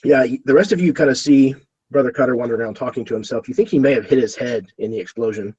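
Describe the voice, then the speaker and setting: A man with a husky voice, narrating a tabletop game as game master in a relaxed way with many fillers. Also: medium pitch, fast, lo-fi sound.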